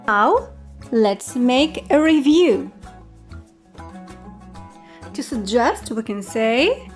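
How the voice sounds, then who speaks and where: A woman English teacher giving an online lesson, explaining slowly and carefully. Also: sits high, animated, faint music behind.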